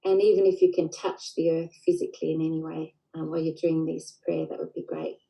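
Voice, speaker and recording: A woman leading a group in a slow, gentle healing prayer, pausing often with fillers. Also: low-pitched, steady tone, creaky, low-quality recording. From Australia. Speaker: spiritual group leader.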